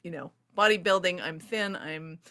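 A woman hosting a casual interview, an animated, giggly storyteller. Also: on the low side, normal speed. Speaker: interview host.

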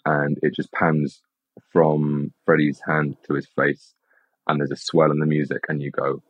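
A young British man, an actor, chatting casually in an interview, telling rambling, animated stories with lots of restarts. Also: a bass voice, unhurried, breathy edge, no echo. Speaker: actor guest. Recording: slightly dull lo-fi sound.

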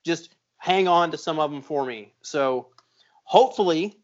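A man's voice: on the high side, a little slow. A man co-hosting a podcast, telling rambling stories in casual chat and swearing freely. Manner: profane, rambling storyteller. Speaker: podcast co-host, knifemaker. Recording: dull lo-fi sound.

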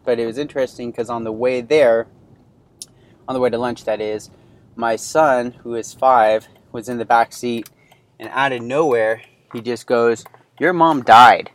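Rambling man in his thirties, podcast host. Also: mid-range voice. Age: 30s. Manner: rambling, candid storytelling with many fillers. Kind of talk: casual solo podcast monologue.

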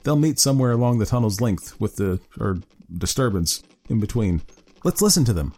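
A man's voice: fairly low pitch, lively intonation, a little fast, warm tone. A man voicing a grim middle-aged man who hunts ghouls beneath the city, fervent and gloating. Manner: fervent, rising to frenzied gloating. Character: grim middle-aged male underground ghoul-hunter chief. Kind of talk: dramatic story reading.

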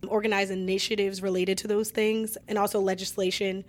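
A woman's voice: mid-range voice, little pitch movement, brisk. A woman guest in a conversational interview, informative and upbeat, explaining her job in long runs. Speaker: guest from independent abortion clinics.

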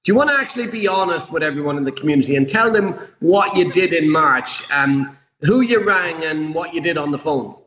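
High bright guy hosting a chat, quick and jokey, echoey room. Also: expressive, lo-fi sound. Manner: brisk and teasing. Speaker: podcast host. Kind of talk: casual interview.

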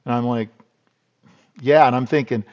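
A man's voice: medium pitch, steady tone, moderate pace, darkish tone, dull audio. A middle-aged man from South Dakota, a podcast guest telling rambling, folksy stories in a casual interview. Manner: rambling, folksy, restarts and repeats words.

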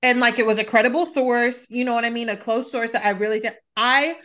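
Brief: woman podcast host, candid and profane, with a high, bright voice. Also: steady tone, brisk. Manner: candid, profane, with many restarts. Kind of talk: casual chat.

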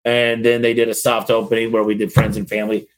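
A man with a slightly low-pitched voice hosts a casual podcast Q&A from an office lined with bookshelves. His delivery is blunt and rapid-fire. When he reads a list aloud, he settles into a steady rhythm. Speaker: podcast host and business owner.

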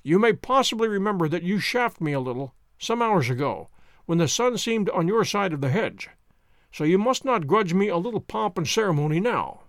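A man's voice: high-pitched, big pitch swings, normal speed, dry recording, studio quality. A man reading a story aloud, voicing a poised, theatrical detective who speaks with precise courtesy. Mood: assured. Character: poised, theatrical male detective, fond of pomp. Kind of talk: audiobook character voice.

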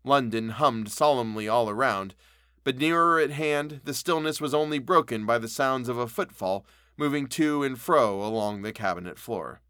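A man reads a classic novel aloud in a measured, solemn manner, his voice sitting at an ordinary middle pitch. The recording is dry and close, with no room sound around it. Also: bright, forceful tone, no echo. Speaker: narrator. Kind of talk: audiobook reading of a classic novel.

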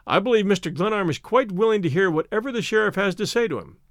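A man reading a steady, loyal friend. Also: sits high, fast, no echo, clean studio sound, voice pushed up. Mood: reassuring.

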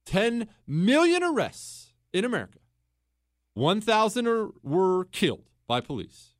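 A man's voice: high voice, very animated, measured pace, no room sound, studio quality. A man hosting a talk show, telling a story in an opinionated monologue full of rhetorical questions. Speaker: political podcast host.

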